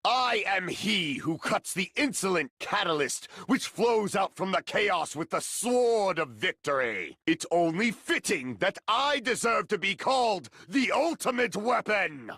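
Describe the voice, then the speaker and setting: A man's voice: high-pitched, big pitch swings, a little slow, few pauses, sharp tone, husky, dry recording, exaggerated voice. A man playing a grandiose self-proclaimed weapon. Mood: haughty. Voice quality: grandiose, theatrical declaiming. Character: arrogant male warrior boasting of being the ultimate weapon. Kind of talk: fan voice acting of a game scene.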